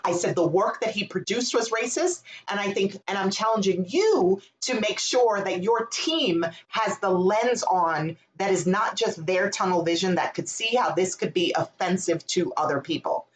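A candid woman speaking in a middle pitch, telling her story in a loose, conversational way. She is animated and swears freely. The sound has a roomy echo around it. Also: moderate pace, few pauses.

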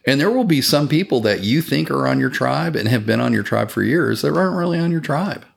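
A man's voice: mid-range voice, lively intonation, a little fast, gravelly. A man talking in a casual podcast conversation, earnest and reflective, swearing now and then.

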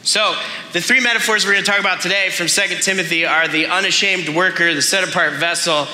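A man's voice: high-pitched, steady tone, fast, pushed and bright. A man preaching a sermon in a church, earnest and self-deprecating. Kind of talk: sermon clip. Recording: roomy hall with faint ambience.

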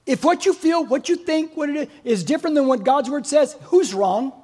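A man's voice: very high-pitched, expressive, moderate pace, a little mellow. A man preaching a sermon to a congregation in a church, conversational and playful, often asking the room questions. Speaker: pastor.

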